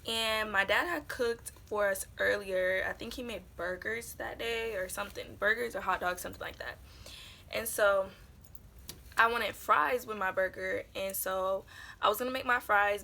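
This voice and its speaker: Young woman vlogger, bright tone, casual rambling storytime with lots of "like". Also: mid-range voice, gravelly. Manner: chatty, meandering with lots of fillers.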